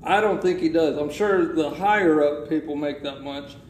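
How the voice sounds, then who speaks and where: A man casually telling a story on a podcast in a loose, profane, animated way. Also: fairly high pitch, moderate pace. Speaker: podcast co-host. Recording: echoey room with faint noise.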